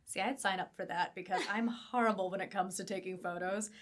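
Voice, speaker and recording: A woman's voice: mid-range voice, fairly even intonation, a little fast. A woman hosting a library podcast, asking encouraging questions and laughing along. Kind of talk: casual interview.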